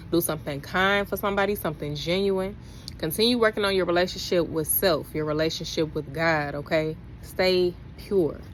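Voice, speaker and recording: A young adult woman, talking casually to camera about faith, preachy and animated, with her voice climbing when she exclaims. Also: sits low, slight background noise. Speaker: faith vlogger.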